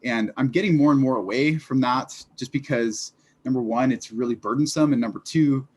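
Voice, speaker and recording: This fitness business founder, a guest in a relaxed interview chat, has a husky, darkish, mid-range voice and a moderate pace. Reflective and sincere, he works through his thoughts with frequent "like"s and "you know"s.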